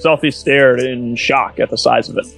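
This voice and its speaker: A man's voice: mid-range voice, steady tone, moderate pace, creaky, fairly bright tone, faint music behind, rough recording. A man doing a comedic dramatic reading of a story, mock-serious in tone. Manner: mock-dramatic, reads with put-on character voices. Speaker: reader.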